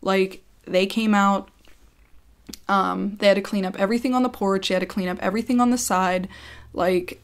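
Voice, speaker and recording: Woman ranting through a storytime vlog, rambly and heated, cussing a lot, mid pitch. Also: fairly even intonation, moderate pace. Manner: rambling, heated, swears freely. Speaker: YouTuber telling a story. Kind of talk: casual storytime rant.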